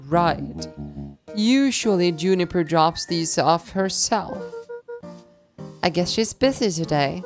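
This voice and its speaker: A woman streaming a story game, reading every character's lines aloud in playful voices and laughing between them. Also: lowish voice.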